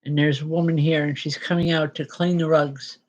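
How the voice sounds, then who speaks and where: A woman medium giving spirit readings to a live audience, talking in a halting, searching way with many fillers and restarts. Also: low voice, flat delivery, darkish tone, rough recording.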